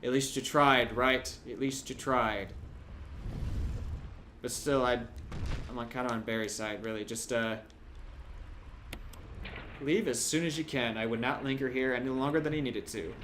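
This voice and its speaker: A young man commentating a video game playthrough, chatty and jokey, with sudden loud yelps. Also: medium pitch, moderate pace, pauses often, a little hiss or hum. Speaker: gameplay commentator. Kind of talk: let's play commentary.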